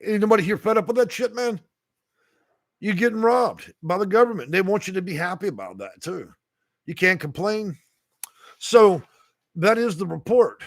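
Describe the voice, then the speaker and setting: Gravelly, heated man ranting. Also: sits high, very animated, normal speed, pauses often, no echo. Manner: heated, profane, street talk with laughs. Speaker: housing consultant, livestream host. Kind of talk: angry livestream rant reading chat.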